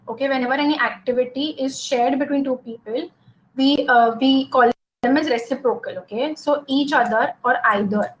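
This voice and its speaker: Lady teaching grammar, high voice, keeps saying okay?. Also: rough recording. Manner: explanatory, says "okay?" often. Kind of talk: classroom lecture.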